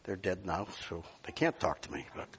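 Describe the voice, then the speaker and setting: A male pastor preaching a sermon, telling stories and swinging from loud outbursts to near whispers. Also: low-pitched, sing-song, normal speed, highs cut off.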